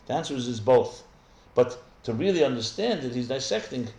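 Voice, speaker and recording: This rabbi's medium-pitched voice is animated and a little mellow, moving quickly with few pauses through a live text study class. He explains on the fly and keeps restarting sentences, and the room echoes with faint ambience.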